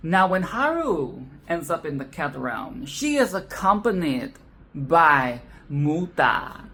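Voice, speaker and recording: A woman's voice: low-pitched, very animated, slow, fairly bright tone. A woman hosting a film commentary video, ranting in a profane, exasperated and sarcastic way. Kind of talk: casual solo film rant.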